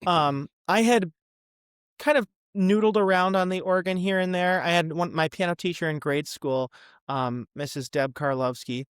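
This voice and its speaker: A young man from the Midwest, a podcast guest chatting casually about his past with lots of ums and quick asides. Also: high voice, clean tone, no room sound, studio quality. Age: young adult. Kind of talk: casual interview chat.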